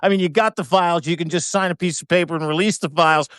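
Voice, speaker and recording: A man's voice: fairly high pitch, fairly even intonation, quick pace, fairly bright tone, no room sound, clean studio sound. A man hosting a casual political talk show. He swears freely, mocks, and reads posts aloud. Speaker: show host.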